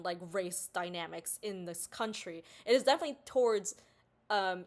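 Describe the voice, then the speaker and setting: A young woman talks through a book in a loose, casual ramble. She circles back and restarts her thoughts constantly, stringing ideas together with fillers. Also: medium pitch. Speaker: book reviewer.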